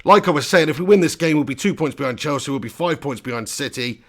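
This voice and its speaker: Watch-along host, raised pitch, gravelly edge, chatty, flares into excited calls. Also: male voice, fast talker. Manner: chatty, bursts into excited play-by-play. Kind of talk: live commentary and chat reading.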